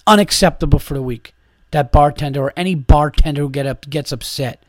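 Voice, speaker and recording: A podcast host and comedian rants casually through an exasperated, profane monologue. He talks briskly in a fairly high voice, with no echo.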